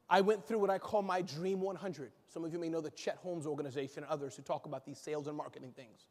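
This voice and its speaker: High, lively man in an echoey hall. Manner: animated, joking, banters with the audience. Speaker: keynote speaker. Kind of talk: energetic conference keynote. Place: conference hall stage.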